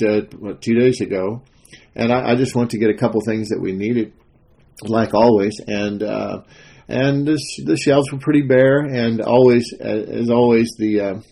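A man gives a loose, conversational devotional talk. His voice is husky and slightly breathy. He wanders through his story with frequent fillers and restarts before settling into scripture. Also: on the low side, warm tone. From Texas.

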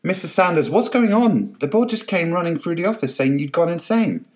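A man's voice: a little high, animated, a little fast, pitched above the performer's own voice, close to an everyday voice. A man voicing a nervous young male office assistant, who talks breathlessly. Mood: alarmed. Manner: breathless, anxious.

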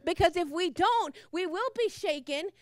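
Woman preacher going hard on a sermon, super high voice, dry sound, keeps repeating herself. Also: expressive, normal speed, dry recording. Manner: fervent, repetitive, laughs between phrases.

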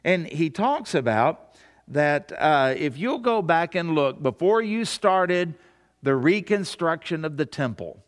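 A pastor preaching a sermon in a conversational way, often putting rhetorical questions to the congregation. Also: male voice, fairly high pitch, animated, slow, big-room sound.

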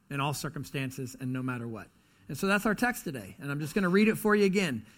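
A man preaching a casual, conversational sermon as pastor, often acting out other people's voices. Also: a little high. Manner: conversational, animated, acts out quoted voices.

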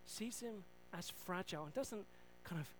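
A man preaching a sermon, retelling Bible stories in an animated way with self-deprecating asides. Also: high-pitched, moderate pace, a little hiss or hum, rough recording.

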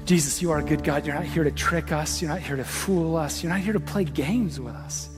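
A man preaching a sermon as pastor, swinging from impassioned calls to a soft, hushed prayer. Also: on the high side, a little fast, in a large hall, music in the background.

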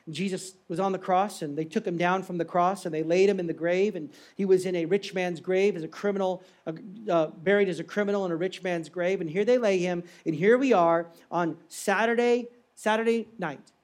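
Man, pastor, high voice, sermon, dramatic storytelling, loud and hushed by turns. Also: fairly even intonation, brisk, few pauses.

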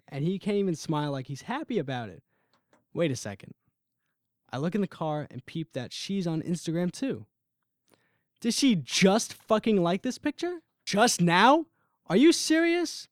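A man's voice: a little high, dark tone, dry recording, clean studio sound. A young man reading a first-person story in an intense, brooding, emotional way.

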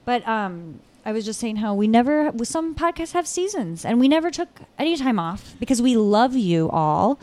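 A woman's voice: on the high side, big pitch swings, moderate pace, few pauses, a little mellow. A young woman co-hosting a podcast in casual, joking chat, full of filler words. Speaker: podcast co-host.

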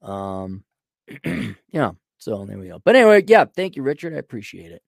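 A man's voice: mid-range voice, sing-song, normal speed, gravelly, no echo. A middle-aged American man hosting his own podcast in a casual, rambling monologue full of profanity and sarcasm. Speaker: podcast host.

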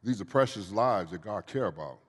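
This man's voice sits on the low side, husky, animated and brisk. He's a guest speaker in recovery, giving earnest, preachy testimony at a church Q&A and frequently repeating himself, recorded in a church event hall with the long reverb of a large space.

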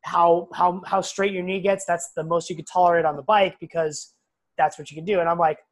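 Blunt, animated man telling stories. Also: sits high, brisk. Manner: blunt, animated storyteller who acts out quotes and swears. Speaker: guest, physical therapist. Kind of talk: casual podcast conversation.

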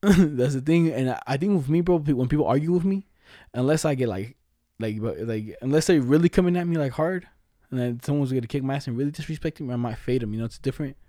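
A young man cohosts a casual podcast, spinning slangy stories with frequent laughs. His voice is mellow and warm. The sound is dry and close. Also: mid-range voice, fast, dry recording. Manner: laid-back slangy storytelling, frequent laughs. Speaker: podcast co-host. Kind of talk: casual chat.

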